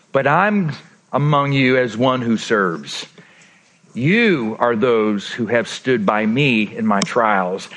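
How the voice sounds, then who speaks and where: A male pastor preaching a sermon, acting out quoted lines with lively swings between emphatic and soft, intimate tones. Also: mid-range voice. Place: church.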